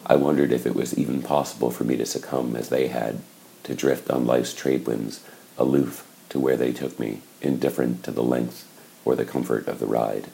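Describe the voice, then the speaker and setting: Audiobook narrator, male, very low and gravelly, dark and measured. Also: little pitch movement, slight background noise, low-quality recording. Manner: measured, reflective.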